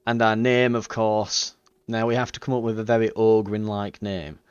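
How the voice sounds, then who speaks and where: A man's voice: on the low side, level tone, moderate pace, smooth, no room sound, muffled recording. An English man hosting a let's play, giving casual gameplay commentary with chatty, joking asides.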